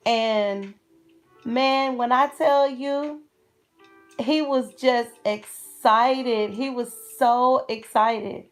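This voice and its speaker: A middle-aged woman, chatting casually with viewers on a livestream and laughing often between phrases. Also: high-pitched. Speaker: channel host.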